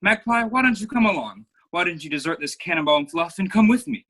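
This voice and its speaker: Over a video call, a young student actor plays a vain, flamboyant playwright in a school play, his delivery florid and theatrical. His voice sits high with a fairly bright tone, and he talks fast and animatedly in a grandiose mood.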